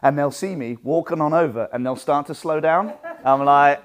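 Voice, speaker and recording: A man who teaches martial arts, coaching other instructors in a lively teaching talk, projecting his voice and acting out what students say. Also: on the high side, a little fast. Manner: loud projecting voice from the diaphragm.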